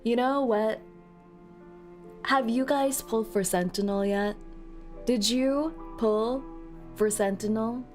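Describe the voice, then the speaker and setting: Playing a game on a live stream, a woman reads chat messages aloud, laughing and teasing her audience in a giggly way. She speaks slowly with long pauses in a fairly high voice, over soft background music.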